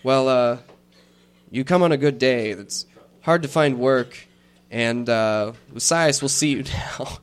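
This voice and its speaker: A man's voice: medium pitch, takes it slowly, clean tone, lightly acted. A man voicing a very short, officious gnome woman who works as a clerk, talking in a businesslike way and muttering while she looks things up. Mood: brisk.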